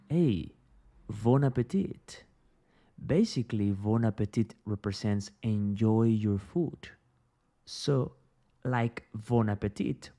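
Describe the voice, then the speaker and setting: Slow, emphatic teacher. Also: male voice, lowish voice, dark tone. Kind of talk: English lesson.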